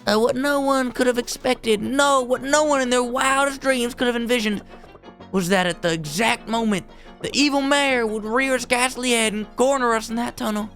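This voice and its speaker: A woman's voice: on the high side, moderate pace, a bit bright, faint music behind. A woman voicing a pompous storytelling adventurer man. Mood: boastful. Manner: grandiose, melodramatic storytelling. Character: pompous theatrical male adventurer boasting tall tales.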